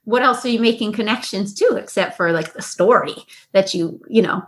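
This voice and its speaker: A woman's voice: medium pitch, normal speed, fairly bright tone. A woman in a casual chat, playful and agreeing readily.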